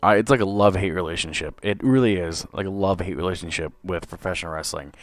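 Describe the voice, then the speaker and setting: A man's voice: deep voice, fast, hardly any pauses, no room sound. A young man hosting a live wrestling review stream, ranting angrily and swearing constantly. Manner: angry profane ranting, frequent cursing. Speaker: wrestling podcast host.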